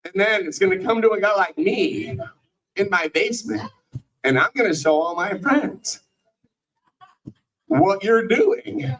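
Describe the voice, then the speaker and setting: A man's voice: sits high, expressive, a little slow, long pauses, fairly bright tone, distant mic, low-quality recording. A middle-aged man doing a rambling, profane stand-up set in a small bar, often stopping himself mid-thought. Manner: rambling, profane, self-interrupting. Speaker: stand-up comedian and show host.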